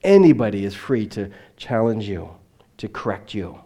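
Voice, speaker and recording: With a voice on the low side and big swings in pitch, a man preaches as a missionary at a moderate pace. He relates a personal story earnestly, moving from loud, emphatic lines to quiet, fading finishes.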